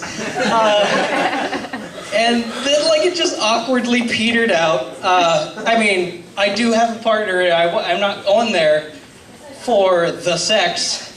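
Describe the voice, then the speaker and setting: A man's voice: high voice, slow. Young guy doing stand-up, lots of ums, kinda distant mic in an echoey club. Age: 20s. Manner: hesitant, awkward, self-deprecating delivery with many ums. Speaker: stand-up comedian and host. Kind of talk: stand-up comedy set. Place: comedy club stage. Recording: roomy club sound, mic heard from a distance, loud crowd laughter. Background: audience laughing.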